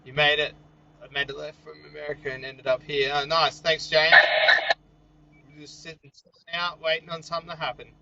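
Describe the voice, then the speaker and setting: A man's voice: fairly high pitch, level tone, normal speed, lo-fi sound, background noise. A young Australian man hosting a casual night-time livestream outdoors, chatting with viewers and joking easily. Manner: joking, chuckles often, easygoing. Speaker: livestream host. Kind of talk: casual live chat reading viewer comments.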